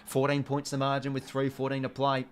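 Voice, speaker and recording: A young Australian man calls a football match live from home as it unfolds on screen. He talks in a casual, running commentary with sudden excited bursts, offhand swearing and a self-mocking streak. His pitch sits in the middle for a man. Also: brisk. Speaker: watch-along host.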